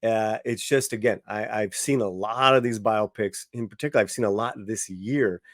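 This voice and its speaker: A man's voice: fairly low pitch, normal speed, no room sound, studio quality. A man giving a casual spoken film review, conversational, with many fillers and restarts. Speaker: movie reviewer.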